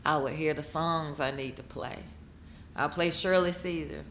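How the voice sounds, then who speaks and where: A woman, a guest telling her story in an interview, emotional and quick to break into laughing retellings. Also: fairly bright tone. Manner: emotional, bursts into laughing high-pitched retellings. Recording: echoey room with noticeable noise.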